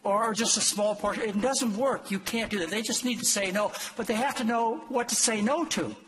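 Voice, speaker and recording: An older man, a doctor, lecturing an audience in an emphatic, exhortative way with sudden leaps in pitch. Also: normal speed, a bit bright, poor audio. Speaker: doctor giving a talk.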